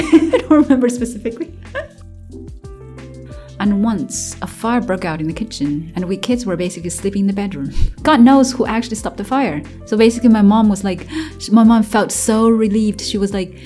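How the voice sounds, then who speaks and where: Woman recalling her childhood, halting. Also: mid-range voice, mellow. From China. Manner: halting, many fillers and restarts; laughs while telling hard memories. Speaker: interviewee. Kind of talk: personal storytelling in an interview.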